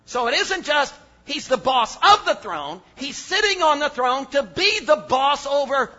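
An older man delivers a sermon in a high, lively voice that climbs and falls. He mutters some phrases low and shouts others for emphasis. The recording sounds dull and lo-fi. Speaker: preacher.

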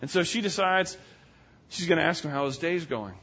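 Male preacher, high-pitched, animated storyteller, muffled lo-fi recording. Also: moderate pace. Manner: animated, folksy, acts out characters. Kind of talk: sermon storytelling. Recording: dull lo-fi sound.

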